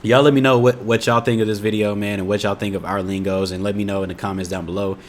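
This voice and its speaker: A young man from Indiana, with the accent to match, reacts to a video on YouTube, chatting casually to the camera in a laid-back, rambling way and often saying "you know what I'm saying." His lowish voice stays level at a quick pace, with a little hiss or hum.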